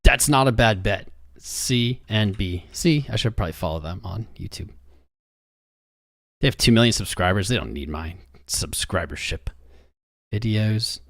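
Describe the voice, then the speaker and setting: A man's voice: lowish voice, lively intonation, measured pace, creaky, fairly bright tone, no room sound, studio quality. Man chatting restlessly to a livestream chat. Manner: restless, talks to chat while searching. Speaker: crypto livestream host.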